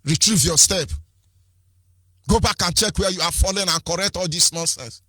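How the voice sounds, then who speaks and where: Fiery Nigerian man with a husky voice. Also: sits high, moderate pace, sharp tone, no echo, studio quality, faint music behind. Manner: fiery, rhetorical, repeats phrases, switches into Igbo and Pidgin. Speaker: activist speaker. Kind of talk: impassioned political address.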